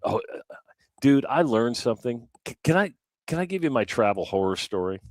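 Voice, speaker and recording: A man co-hosting a morning radio show, telling a long story in a casual, animated way and acting out the other people in it. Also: medium pitch, normal speed, dry recording, clean studio sound. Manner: animated, acts out quoted voices. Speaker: radio co-host.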